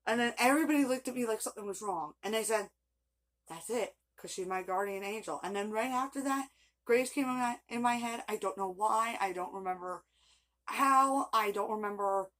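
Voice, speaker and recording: A woman's voice: medium pitch, normal speed, fairly bright tone. A woman telling a long personal story in a casual vlog, rambling and chatty with frequent laughs. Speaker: vlogger.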